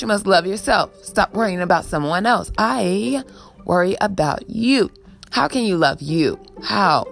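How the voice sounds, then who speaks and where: Speaking to camera in a gravelly, fairly low voice, this woman gives a motivational spiritual talk with a preachy edge. Most of her sentences close with a questioning "ah?", and she sighs occasionally, including just before blowing love.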